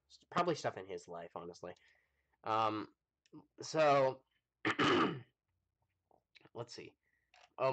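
A man's voice: lowish voice, gravelly, fairly bright tone. A man casually commenting on his gameplay during a live stream, thinking aloud with many ums and answering chat. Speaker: gaming livestreamer.

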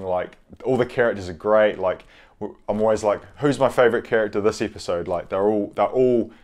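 A young man giving a casual, rambling review, hesitant and low-key, with frequent pauses and restarts. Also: a little mellow. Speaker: video reviewer.

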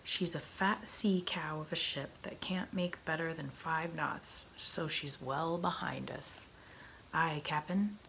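A woman's voice: deep voice, slow, creaky, fairly bright tone, slight background noise, full character voice, poor audio. A woman whispering a vain, short-tempered male pirate captain in a whispered role-play. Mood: gruff.

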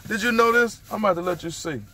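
A man hypes up his viewers with repeated affirmations while filming himself outdoors by a street. His voice sits slightly high and the handheld phone picks up the open air around him. He swings easily into excited running commentary. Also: fast talker, a little hiss or hum. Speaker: motivational vlogger. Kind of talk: upbeat motivational vlog.

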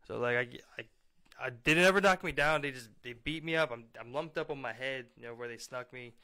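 A man's voice: mid-range voice, a little fast, bright, forceful tone, clear, resonant tone. A young man telling a rambling personal story in casual podcast talk, full of fillers and acted-out quotes.

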